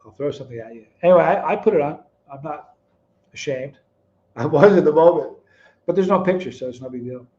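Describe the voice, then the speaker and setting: A middle-aged man hosting a live stream, reading chat comments aloud, teasing viewers by name and telling stories in a relaxed, chatty way. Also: a little high, brisk, dull audio. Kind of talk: casual chat.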